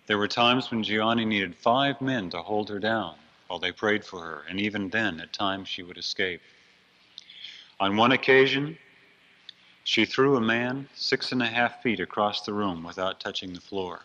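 Preacher guy telling a story sermon, low voice, earnest, muffled lo-fi sound. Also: moderate pace, bright, forceful tone. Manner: earnest, dramatic, swells on key phrases. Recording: dull lo-fi recording.

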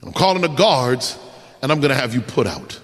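A man preacher voicing a defiant young male prisoner on death row who shouts people out of his cell. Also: mid-range voice, animated, fairly quick, voice pushed down, close to an everyday voice. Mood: angry. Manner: shouting angrily, later pleading loudly. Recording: echoey hall.

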